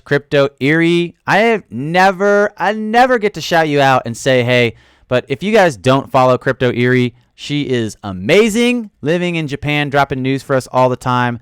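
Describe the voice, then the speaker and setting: Animated man hosting a crypto livestream. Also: a little high, moderate pace, smooth, dry recording, clean studio sound. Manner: animated, jokey, talks to chat, loud sudden outbursts. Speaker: livestream host. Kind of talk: casual livestream chat reading comments. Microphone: studio microphone.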